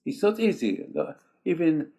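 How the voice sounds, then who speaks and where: An older male rabbi delivering a sermon with a husky, slightly raised voice. He presses each point by repeating it in halting second-language English, dropping Hebrew words throughout. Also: fairly high pitch, lively intonation, dark tone. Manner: emphatic, repeats key phrases, sprinkled with Hebrew terms; speaks English as a second language, broken grammar.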